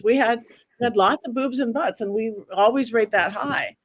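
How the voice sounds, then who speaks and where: A woman's voice: a little high, moderate pace. A woman hosting a casual panel chat, talking hesitantly with many restarts and fillers. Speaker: podcast host.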